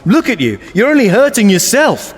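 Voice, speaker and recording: A man's voice: high-pitched, sing-song, moderate pace, slightly rough, long reverb tail, full character voice. A man voicing a condescending young man with a put-on American accent who talks in smug, sing-song internet slang. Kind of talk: comedy sketch acting.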